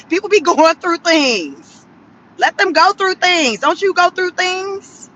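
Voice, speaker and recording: Woman vlogging in her car, high sharp voice, sassy and animated, laughs a lot. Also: slow, lo-fi sound. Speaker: vlogger commenting on the news. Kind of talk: casual commentary vlog. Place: inside a car.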